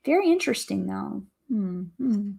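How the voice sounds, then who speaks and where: A woman's voice: mid-range voice, very animated, moderate pace, creaky, a little mellow. Upbeat woman hosting a livestream. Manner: upbeat, reads viewer comments aloud. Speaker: livestream host. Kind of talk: casual livestream chat.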